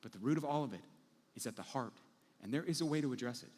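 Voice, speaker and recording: A man preaching a sermon as pastor, telling everyday scenes with lively acted-out moments. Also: medium pitch, quick pace, big-room sound. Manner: animated storytelling, acting out everyday scenes.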